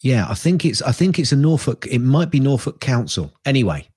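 A man's voice: medium pitch, sing-song, a little fast, darkish tone, husky, no echo, clean studio sound. A man co-hosting a podcast, reading tech news in a rambling, chatty way that often trails off. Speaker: podcast co-host.

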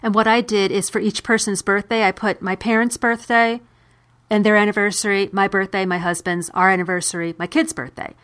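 Woman guest, mid-pitched, conversational and explanatory. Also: fairly even intonation, brisk, fairly bright tone. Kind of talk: casual chat.

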